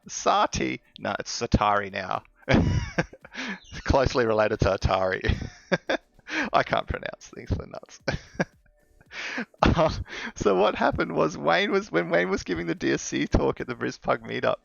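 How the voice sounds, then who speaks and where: A man's voice: mid-range voice, animated, unhurried, gravelly, a bit bright, no room sound, muffled recording. A man chatting casually while live coding, rambling with fillers and laughing often. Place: home office.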